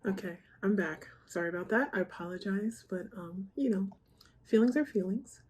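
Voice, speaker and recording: A woman's voice: medium pitch, normal speed, a little mellow, slightly rough. A woman hosting a reaction channel, talking casually to camera, chatty and rambling, open about her feelings.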